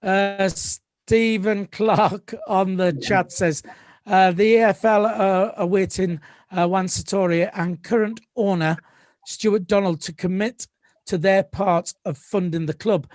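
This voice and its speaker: Man hosting, high voice, dry close sound, halting with fillers. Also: steady tone, darkish tone, no room sound. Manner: hesitant, many fillers and restarts. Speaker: host of a live fan show. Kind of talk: casual live panel chat.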